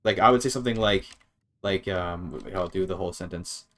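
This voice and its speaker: Here a deep, slightly bright male voice, a native English speaker, chats loosely during a game stream. He puzzles through a translation aloud, with hesitant restarts and stabs at German vocabulary.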